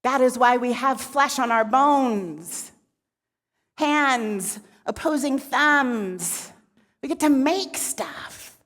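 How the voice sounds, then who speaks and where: A woman minister giving a sermon in a relaxed, conversational way with frequent asides. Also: high voice, drawn-out words, big-room sound. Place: church sanctuary.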